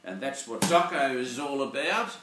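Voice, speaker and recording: Rambling older priest in an echoey room. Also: male voice, medium pitch, expressive, normal speed, far from the mic, background noise. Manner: rambling and digressive, searching for words. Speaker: Catholic priest. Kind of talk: informal Sunday reflection.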